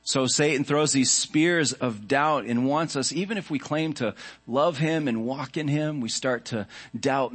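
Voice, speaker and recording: A man preaching a sermon as a pastor, earnest and reflective, with measured phrasing. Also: mid-range voice, a bit bright.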